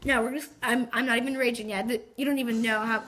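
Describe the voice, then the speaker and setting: A woman giving foul-mouthed, mocking commentary over gameplay and breaking into yells. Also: on the high side, fairly even intonation, fast. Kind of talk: profane ranting game commentary. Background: game music.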